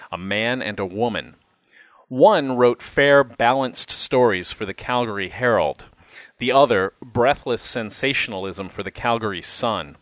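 A man with a mid-range, slightly bright voice narrates a first-person memoir as an audiobook, in a wry, reflective manner. There's no room sound on the recording.

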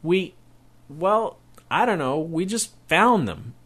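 A man's voice: high voice, expressive, fairly bright tone, pitched above the performer's own voice, exaggerated voice. A man reading aloud and voicing a ten-year-old boy who pleads and whines in a rush of words. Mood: pleading. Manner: whiny, pleading, rushes his words.

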